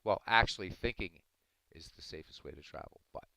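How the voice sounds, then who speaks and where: A man's voice: sits low, fairly quick, gravelly, bright, forceful tone, dry recording, low-quality recording. A man who says he is Irish, streaming live and arguing back at his chat in a casual, combative way. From Ireland. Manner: argumentative, talking back to chat.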